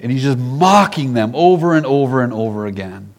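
A man's voice: medium pitch, animated, brisk, few pauses, darkish tone. A man, a pastor, giving a casual storytelling sermon, often laughing and acting out the characters.

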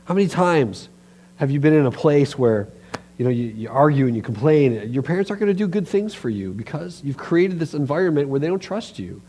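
Emphatic, somewhat high-voiced male pastor. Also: fairly quick, slight background noise. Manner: animated, emphatic preaching with direct address. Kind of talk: sermon. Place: church.

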